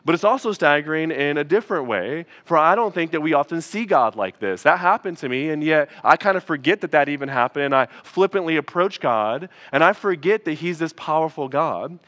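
A young man preaching with a bright, forward tone that sits a little higher than most men's voices. He keeps it conversational and emphatic, talking to his congregation like friends. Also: animated, a little fast, hardly any pauses. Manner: conversational, emphatic, addresses listeners as y'all. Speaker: pastor. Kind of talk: sermon.

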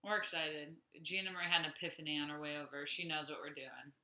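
Chatty woman podcast co-host, bright voice. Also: sits low, steady tone, fast, echoey room. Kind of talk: casual podcast chat.

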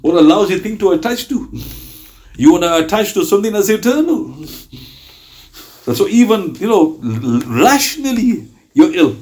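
A man preaching to a small gathering in a mosque, telling stories in a conversational, animated way. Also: sits high, normal speed, long pauses. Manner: conversational, animated storytelling with quoted voices.

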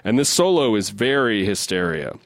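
Rambling man with a lively, dry voice. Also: on the low side, normal speed, no room sound. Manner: rambling, full of restarts and hedges. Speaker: podcast co-host. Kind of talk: casual music-analysis chat.

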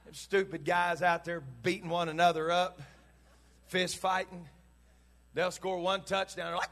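A pastor preaching in church with a very high, piercing male voice. His tone is bright and forceful, and he swings between fervent shouting and easygoing asides to the congregation. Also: measured pace. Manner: impassioned preaching that builds to shouts; casual, joking asides to the congregation. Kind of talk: sermon.

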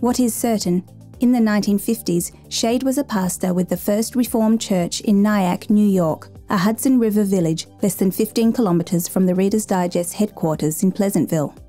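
A woman reading a story aloud in a measured, gentle storytelling manner. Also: medium pitch, soft background music. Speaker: narrator. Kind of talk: scripted story narration.

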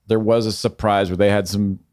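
A man's voice: lowish voice, flat delivery, a little fast, a little mellow. A man who is a filmmaker guest on a podcast, talking reflectively and searching for his words. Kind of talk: casual podcast chat.

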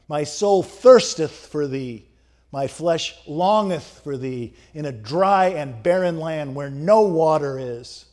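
A man's voice: on the high side, darkish tone. A man preaching a sermon, emphatic and rhetorical, asking the congregation questions. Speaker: pastor.

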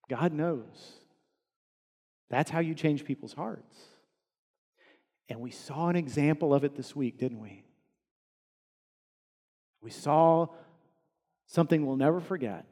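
A male pastor delivering a sermon in an earnest voice that sits a little high for a man. He swings from emphatic, ringing peaks to quiet, hushed lines. A long hall reverb trails each phrase. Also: a little slow, pauses often. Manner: earnest, rising to emphatic peaks then dropping soft.

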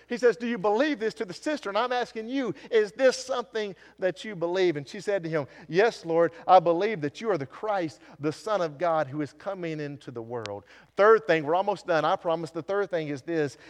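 Earnest preacher man in a reverberant hall. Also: on the high side. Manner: earnest, questioning the congregation directly. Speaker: pastor. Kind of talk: sermon. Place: church sanctuary.

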